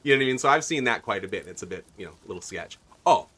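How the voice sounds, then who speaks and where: Racing along in a low-ish, sharp, animated voice, a man streams a video game and chats loosely. He rambles and keeps asking viewers for their take.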